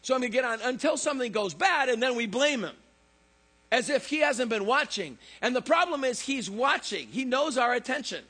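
A man preaching a lively, joking sermon who acts out voices in his stories. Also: very high-pitched, moderate pace, husky. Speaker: pastor. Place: church service.

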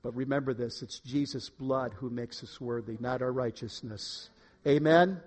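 A man preaching a sermon in a church room, emphatic, swinging between quiet and loud. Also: medium pitch, normal speed. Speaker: pastor.

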